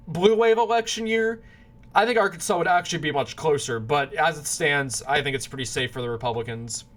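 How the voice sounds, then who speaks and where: Guy rambling thru his picks, slightly high voice, keeps saying sorry when he flubs names. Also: a bit bright. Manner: rambling, self-correcting, apologetic over names. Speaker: political commentator. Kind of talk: casual predictions monologue.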